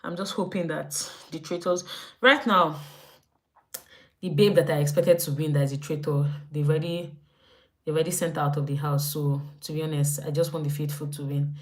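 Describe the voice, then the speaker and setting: A young woman with a Nigerian accent chatting casually on a live stream, animated and acting out her own reactions. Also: sits low, normal speed. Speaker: lifestyle livestreamer.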